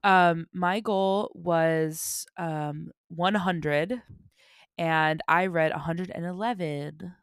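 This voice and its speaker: A woman's voice: lowish voice, fairly even intonation, very slow, smooth, no echo, clean studio sound. A woman in her twenties co-hosting a podcast, chatting casually with a giggly manner and lots of fillers. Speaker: podcast co-host. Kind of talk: casual chat.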